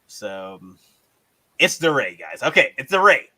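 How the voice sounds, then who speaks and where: A man hosting a casual collectibles chat, animated, repeating himself and swearing casually. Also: medium pitch, a little slow, rough recording. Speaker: host.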